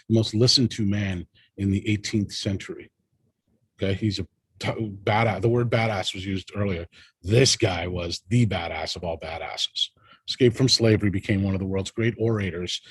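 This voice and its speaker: Low husky guy giving a fired up panel talk, dry close mic. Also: no room sound. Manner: emphatic, rallying, with frequent "right?" tags. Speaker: panel guest. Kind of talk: impassioned panel discussion.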